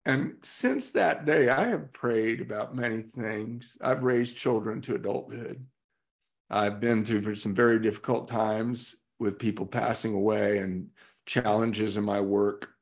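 At a convention hall, a middle-aged Californian recovery speaker gives a candid personal talk, telling stories and acting out what others said. His voice is gravelly and on the low side, and his pace is measured.

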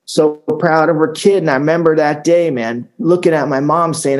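A middle-aged man telling his recovery story in a casual, halting way, often repeating words and saying "man" and "dude". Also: on the high side, steady tone, darkish tone. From Southern California. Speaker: speaker sharing recovery story. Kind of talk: recovery talk.

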